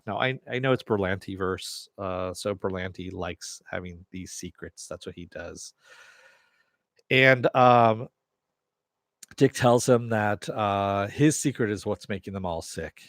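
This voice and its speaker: A man's voice: fairly low pitch, dry recording, studio quality. A man hosting a casual TV recap and review, chatty with sarcastic asides and the odd swear. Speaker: TV review host.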